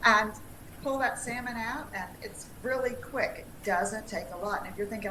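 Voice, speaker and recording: Speaking casually on a livestream as the featured speaker, a Tennessee woman who works as a dietitian offers cheerful, chatty advice in a Southern accent, laughing frequently. Her pitch is fairly high and her pace moderate, heard in an echoey room with background noise.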